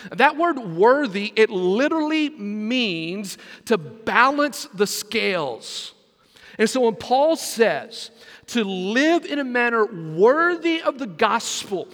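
High-voiced preacher in a reverberant church. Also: male voice. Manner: animated preaching, asks congregation to repeat words. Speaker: senior pastor. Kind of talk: sermon.

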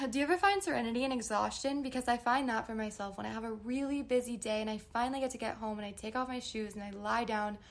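A woman's voice: a little high, quick pace. Chatty young woman answering listener questions. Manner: chatty and candid, trails off and self-corrects. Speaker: podcast host. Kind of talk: casual solo podcast answering listener questions. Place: New York.

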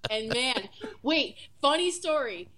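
Lively laughing woman telling stories. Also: sits high, slow. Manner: lively, laughing, swears freely. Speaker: podcast guest. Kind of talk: casual storytelling chat.

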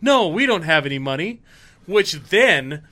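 A man with a high, lively voice spins profane stories in a casual podcast chat. His tone is bright and his pitch swings widely as he builds each tale. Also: a little slow. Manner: profane, animated storyteller. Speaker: podcast co-host. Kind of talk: casual storytelling.

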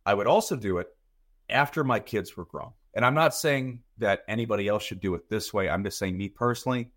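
A man's voice: on the low side, a little fast, fairly bright tone. A man in his thirties, a podcast guest talking casually and rambling, often repeating words as he thinks. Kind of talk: casual chat.

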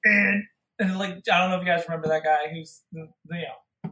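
A man co-hosting a casual movie podcast, excitable and quick to laugh. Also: on the high side, roomy sound. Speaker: podcast co-host.

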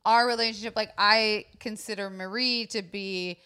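Young woman, podcast host, bright and clear voice, playful, quick interjections, lots of "like". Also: medium pitch, steady tone.

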